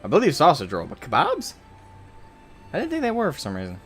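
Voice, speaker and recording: A man's voice: on the high side, wildly swooping pitch, fairly quick, slightly rough, soft background music. A man streaming a game live, chatting casually with viewers, rambling and correcting himself as he jokes with the chat. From United States.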